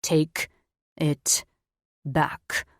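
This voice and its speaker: A woman's voice: extremely slow, no echo, studio quality. A woman voicing a brooding male wolf shifter possessed by a demon, terse and cold in an audiobook. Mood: menacing. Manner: terse, cold, flaring into snarls. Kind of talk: audiobook character voice.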